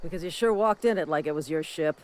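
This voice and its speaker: A woman's voice: deep voice, quick pace, darkish tone, lightly acted. A woman voicing an officious female company enforcer in a video game, talking in a folksy, sarcastic, overly polite way. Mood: mocking.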